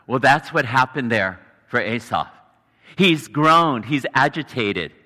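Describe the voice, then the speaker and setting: A man preaching a sermon, earnest and explanatory, pausing for emphasis. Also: medium pitch, lively intonation, pushed and bright. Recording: long hall reverb.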